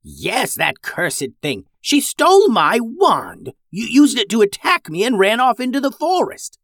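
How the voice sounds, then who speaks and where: Grumbling, slow old witch, read by a man, pitched up, close dry recording. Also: huge pitch swings, fairly bright tone, no echo, exaggerated voice. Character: old grumbling witch, hurt but kindly.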